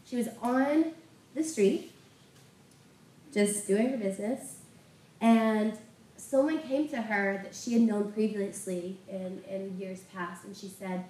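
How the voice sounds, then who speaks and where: A woman's voice: medium pitch, slow, warm tone. A woman preaching a sermon, telling a testimony story with passion. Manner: impassioned storytelling. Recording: roomy sound from a distant mic.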